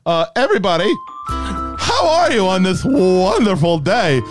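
Casting: a man playing a manic, squealing Mad Hatter, stretched-out words, loud. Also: very animated, a little slow, over music. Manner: high sing-song, drawn out, shouty.

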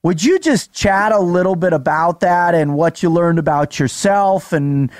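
A man hosting an interview, asking questions in a relaxed, halting way. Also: high-pitched, dry recording, clean studio sound. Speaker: podcast host.

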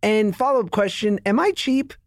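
A man's voice: sits high, lively intonation, normal speed, dry recording, clean studio sound. A man in his thirties co-hosting a casual chat, joking and laughing often. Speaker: podcast co-host.

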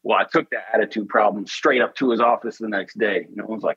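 Low husky guy telling his story, earnest, dry flat-sounding recording. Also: fast, few pauses, no room sound, muffled recording. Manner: earnest, emotional, intense. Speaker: podcast guest. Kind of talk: personal storytelling in an interview.

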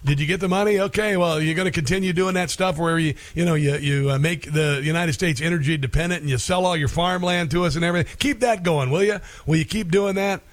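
A man's voice: a little high, fast, few pauses, close to an everyday voice. A radio host playing a sly, mock-friendly man on a phone call, asking after a payment. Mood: wheedling.

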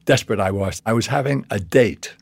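A man's voice: on the low side, brisk, vocal fry, slightly rough, no echo, studio quality. A man in an interview, recalling his work with wry, amused storytelling. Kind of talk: interview recollection.

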